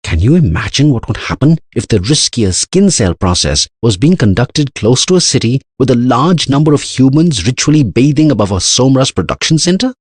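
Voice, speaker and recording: A man's voice: mid-range voice, big pitch swings, normal speed, hardly any pauses, husky, no room sound, voice pushed up. A man voicing an anxious older male scientist who explains at length in an earnest way. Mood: grave.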